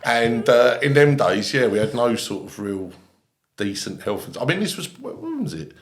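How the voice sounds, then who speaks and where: A man spins animated anecdotes as a podcast guest, often laughing mid-sentence. His voice sits at a middling pitch in a roomy, echoey space. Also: moderate pace, background noise. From England. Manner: animated anecdote-telling, laughing through lines. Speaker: guest, ex-army comedian. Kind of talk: casual storytelling. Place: podcast studio.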